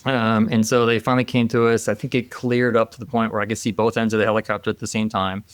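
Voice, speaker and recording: A middle-aged former military helicopter pilot, a podcast guest, tells a war story in a casual, animated way, laughing and restarting often. His voice is lowish and quick, recorded clean and dry.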